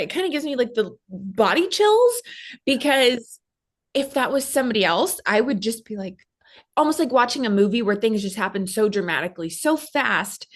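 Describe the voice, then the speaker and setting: Mother retelling a hard story. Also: a little high. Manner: fast storytelling with many fillers, acting out quoted voices. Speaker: podcast guest, mother. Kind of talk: emotional personal recount.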